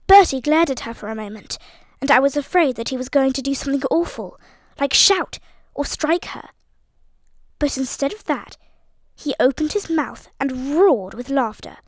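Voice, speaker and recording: High-voiced woman narrating an audiobook. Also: normal speed, dry recording. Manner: expressive, voices each character. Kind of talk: storytelling narration.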